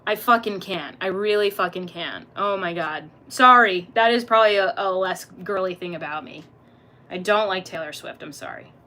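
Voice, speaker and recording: A woman's voice: mid-range voice, moderate pace, bright, forceful tone. Chatty, swearing young woman streamer. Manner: swears freely, laughs often, chatty and playful. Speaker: livestream host reading chat. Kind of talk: casual livestream chat.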